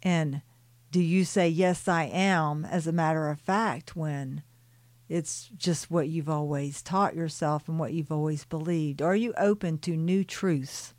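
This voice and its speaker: A soft-spoken woman reading a spiritual story aloud and pausing to reflect on it. She talks very slowly in a slightly low voice. The recording is dry and close, with no room sound. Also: steady tone, no echo. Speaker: spiritual reader and channeler.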